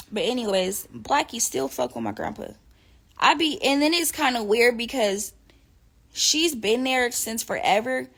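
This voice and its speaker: A woman casually telling a profane, animated story to her viewers, laughing often. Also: mid-range voice, gravelly. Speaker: live streamer talking to viewers.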